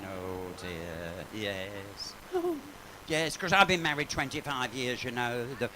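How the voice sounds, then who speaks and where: A man's voice: medium pitch, huge pitch swings, takes it slowly, background noise. A man doing live bawdy comic patter in a pub, camp and gossipy, and he swears freely. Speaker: cabaret comedian and singer. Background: piano accompaniment.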